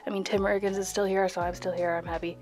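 A young woman chats while she paints, rambling from thought to thought and second-guessing herself as she goes. Her voice sits at a middle pitch. Faint music plays underneath. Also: little pitch movement, fast talker, darkish tone. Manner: rambling, chatty, self-questioning. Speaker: art vlogger. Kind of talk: casual chat while painting.

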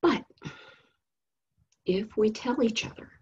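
A woman teaching Sunday school, telling a story in an animated, storytelling way. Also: a little high, slow, breathy edge, lo-fi sound. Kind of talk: storytelling lesson.

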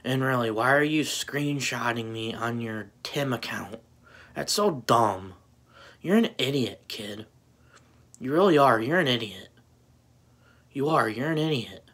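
A man's voice: mid-range voice, lively intonation, a little slow, pauses often, a bit bright. A young man ranting angrily into the camera, repeating mocking insults over and over. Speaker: YouTuber. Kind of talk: angry rant vlog.

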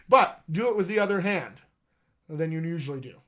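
A dialect coach runs a live-streamed session from a room at home, coaching actors on accents and speaking directly to his viewers. He's enthusiastic and encouraging, talking fast in a high, slightly bright voice.

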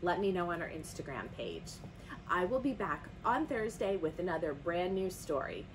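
A woman's voice: fairly low pitch, moderate pace, background noise. A woman librarian reading a picture book aloud to children and asking them questions. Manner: animated, asks the kids questions.

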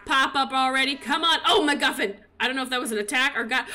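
A woman giving casual commentary on her own game, excitable and cheering as she plays. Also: high-pitched, fast talker. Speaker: gaming video creator.

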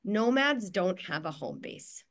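A woman's voice: medium pitch, lively intonation, unhurried. A woman psychologist giving earnest, reassuring parenting advice on a video call, with frequent restarts and filler words.

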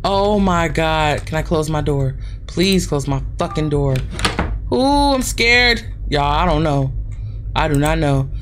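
A woman gamer giving loud, reactive commentary on horror games, swearing and calling out to viewers as y'all. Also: deep voice, fairly even intonation, measured pace, background noise. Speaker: gaming channel host. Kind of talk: horror game let's play commentary.

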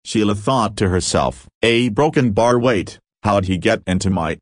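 A man narrating a fiction story aloud, reading the text literally at a steady pace. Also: fairly low pitch, normal speed, no echo, studio quality.

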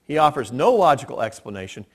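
A man preaching from a church pulpit in an earnest, steady teaching tone, his voice sitting at an ordinary middle pitch. He works through his points patiently and lets a little dry, self-deprecating humor slip in. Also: fast talker. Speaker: pastor. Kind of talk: sermon. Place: church sanctuary.

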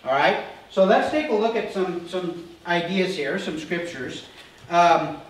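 Storytelling pastor in an echoey church. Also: male voice, high-pitched, expressive, measured pace, a little hiss or hum. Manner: storytelling, acts out quoted family dialogue with humor. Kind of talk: conversational sermon. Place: church sanctuary. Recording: echoey church hall, distant mic.

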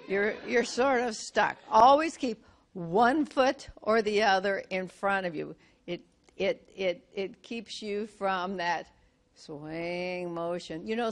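An older woman teaching presentation skills to a live audience, coaching directly with rhetorical questions and acted-out examples. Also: medium pitch.

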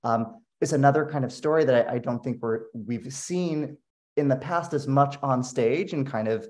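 A man who co-created a musical, speaking thoughtfully and reflectively in a relaxed conversation. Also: medium pitch, normal speed. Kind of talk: casual panel conversation.

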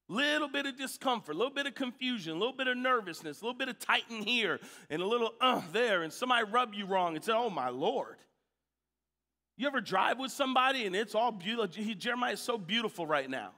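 Guy preaching, lively storytelling, gets shouty, big echoey church. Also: high-pitched. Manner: animated storytelling, shouting at peaks. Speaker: pastor. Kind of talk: sermon. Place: church sanctuary. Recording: church hall reverb.

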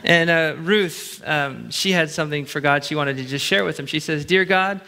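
A man's voice: on the high side, moderate pace, gravelly, pushed and bright. A middle-aged man preaching as pastor in a large church, chatty and playful, breaking into short laughs. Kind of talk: sermon. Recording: long church hall reverb.

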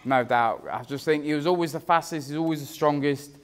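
A man's voice: fairly high pitch, fairly quick. A young man giving a rambling, teasing wedding speech about his friend. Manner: rambling, joking, teasing, self-interrupting. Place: wedding reception.

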